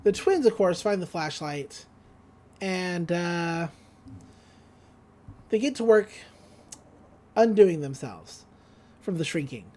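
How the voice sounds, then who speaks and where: A woman's voice: fairly low pitch, lively intonation, takes it slowly, pauses often, darkish tone. A woman co-hosting a podcast, casually recapping an episode, laughing often and acting out quoted lines. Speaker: podcast co-host.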